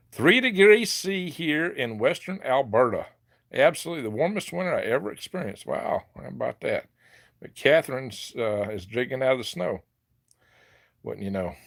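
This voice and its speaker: A man's voice: mid-range voice, big pitch swings, normal speed, gravelly, long pauses, fairly bright tone. An older man with a Southern US accent chats casually with viewers on a livestream. His talk is folksy and easygoing, and he breaks into chuckles often. He speaks into a phone held in his hand. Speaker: livestream host. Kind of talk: casual live chat. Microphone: handheld phone.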